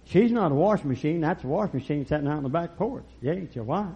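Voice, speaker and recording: A man preaching a fiery, folksy sermon that swings from low murmurs to loud shouts. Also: lively intonation, fast talker, few pauses, husky. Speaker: pastor. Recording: lo-fi recording.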